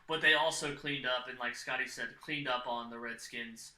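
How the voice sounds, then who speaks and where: A man's voice: medium pitch, fairly even intonation, normal speed, pushed and bright, echoey room, poor audio. A man hosting a casual sports podcast, leading the topics and talking with many fillers. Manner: chatty, leads topics, filler-heavy. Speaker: podcast host.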